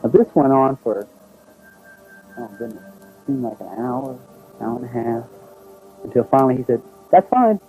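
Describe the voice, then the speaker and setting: Folksy man with a dark voice. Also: mid-range voice, steady tone, moderate pace, long pauses, faint music behind, rough recording. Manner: rambling, folksy, quotes others aloud. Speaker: abduction witness. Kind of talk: first-person storytelling.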